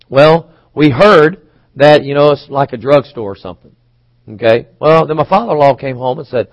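A man's voice: fairly high pitch, animated, fairly quick, no room sound, muffled recording. Preacher man with a dry close sound. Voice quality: occasional coughs. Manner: conversational, asks the congregation questions. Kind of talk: sermon teaching.

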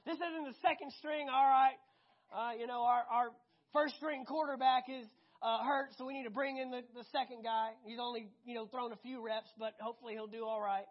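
A woman preaching a sermon, animated and conversational, often asking the congregation questions. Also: fairly high pitch, a little fast, lo-fi sound.

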